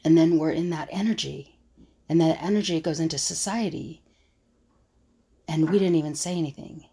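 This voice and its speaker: Speaking at a normal speed in a deep, mellow, husky voice, a conflict resolution coach thinks out loud on her own. Along the way she acts out the scoffing comments others make.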